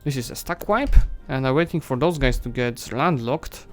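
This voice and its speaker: A man streaming a strategy game, thinking aloud and chatting to the nations and armies on screen, his voice going hoarse. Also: medium pitch, moderate pace, soft background music. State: losing his voice. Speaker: gaming streamer. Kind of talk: live strategy game commentary.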